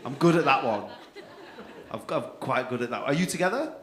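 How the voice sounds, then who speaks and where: A young man with a North-West English accent doing loud, sweary crowd-work banter as a comedy club compere. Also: mid-range voice, expressive, brisk. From England. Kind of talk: live stand-up crowd work. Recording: echoey club room with crowd noise.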